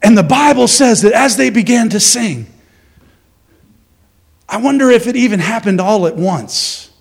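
Pastor with a high, lively voice. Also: male voice, a little slow, creaky, husky. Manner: conversational, animated storytelling, asks the congregation questions. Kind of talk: sermon.

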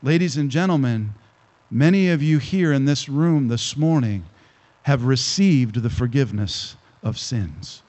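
A male pastor preaching a sermon to a congregation, emphatic and slowing down to stress key phrases. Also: medium pitch, lively intonation, a little mellow. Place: church hall with congregation.

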